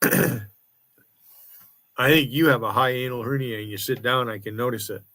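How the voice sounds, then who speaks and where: He speaks at a moderate pace with a steady yet sharp tone and a medium pitch, recorded without echo. The speaker is an American man in his sixties, ranting on his livestream in an angry, profane, confrontational way.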